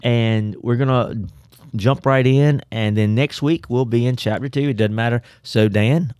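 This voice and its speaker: A man's voice: mid-range voice, a little slow, a little mellow, smooth, no echo, clean studio sound. A man hosting a casual chat, joking and laughing often. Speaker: host.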